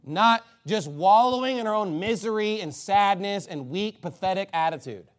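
Expressive and at a moderate pace, a pastor scolds his listeners bluntly, his sermon swinging between loud stress and low murmured asides.

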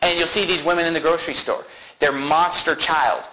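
A male pastor preaching a sermon, reading verses slowly and then explaining them with emphasis. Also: a little high, fairly even intonation, sharp tone, slight background noise, rough recording.

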